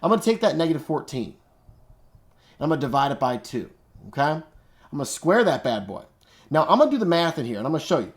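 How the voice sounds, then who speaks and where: A man's voice: on the high side, sing-song, fast, pauses often. A man teaching math in a casual, upbeat way, using slang and thinking aloud as he works each step. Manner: upbeat, slangy, talks to himself while working. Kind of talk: casual classroom explanation.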